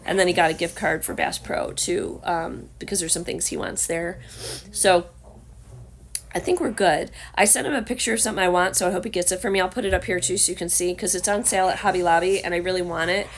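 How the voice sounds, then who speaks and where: A woman with a Southern American accent and a hoarse, scratchy voice, chatting casually and rambling to her camera at home. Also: fairly low pitch, fairly even intonation, fast talker. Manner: chatty, rambling with many fillers. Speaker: vlogger. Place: home, indoors.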